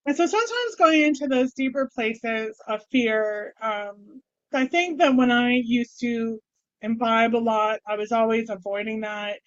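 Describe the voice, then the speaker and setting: A middle-aged woman talks candidly in a casual vlog, rambling with wry, self-deprecating humor. Her voice sits a little high, and the recording is dull and dry. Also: no echo. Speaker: vlogger.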